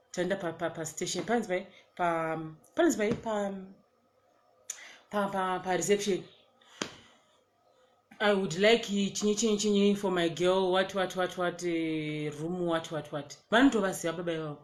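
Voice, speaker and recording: A woman with a Zimbabwean accent tells a personal story in a casual, animated way and acts out the quotes. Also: mid-range voice, echoey room. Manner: animated, switches between English and Shona, acts out quotes. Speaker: storyteller vlogger.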